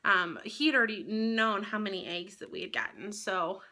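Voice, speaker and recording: A woman's voice: medium pitch, moderate pace, bright, forceful tone. A young woman vlogger telling a personal story in a candid, rambling way, swearing freely. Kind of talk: casual storytelling to camera.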